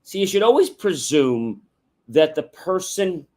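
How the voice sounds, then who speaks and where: On a livestream microphone, a man with a high-side, darkish voice hosts a motivational stream, very animated yet measured in pace. He instructs, contrasting yes-no with open questions, and rhetorically adds "right?" a lot.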